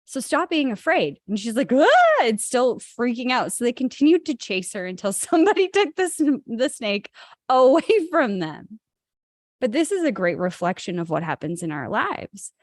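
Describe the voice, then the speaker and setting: A woman's voice: a little high, very animated, moderate pace, dry recording, clean studio sound. A woman co-hosting a spiritual podcast, telling a story in a chatty way with lots of fillers. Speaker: podcast co-host.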